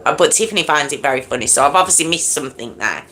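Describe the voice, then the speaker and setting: Her voice sits low yet a bit bright, expressive and racing, with slight background noise as this woman hosts a casual livestream. Chatting live with viewers, she apologises a lot and now and then lowers her voice to a whisper.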